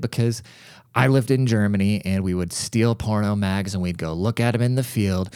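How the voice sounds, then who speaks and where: A man's voice: fairly low pitch, brisk, clear, resonant tone, no room sound, clean studio sound. A middle-aged man hosting a podcast, telling a rambling, profane story in a casual monologue. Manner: rambling, profane, animated asides. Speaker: podcast host.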